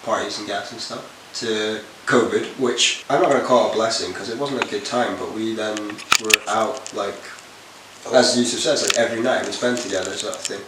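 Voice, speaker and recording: A man's voice: on the low side, steady tone, normal speed. A young man interviewed for a documentary, reflecting in a rambling, hesitant way. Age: young adult. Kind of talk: casual reflection. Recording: distant, echoey recording with faint hiss.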